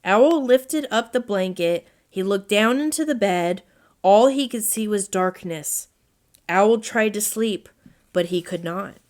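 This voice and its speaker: Slow, gentle woman reading a storybook. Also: medium pitch. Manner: slow, gentle read-aloud narration. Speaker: children's story reader.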